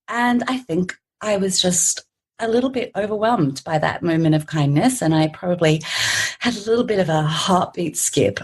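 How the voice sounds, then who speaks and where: A woman's voice: mid-range voice, moderate pace, breathy edge. An Australian woman in her forties, a podcast guest telling a story with frequent laughter and acted-out quotes. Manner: animated storyteller, laughs often, acts out quoted voices.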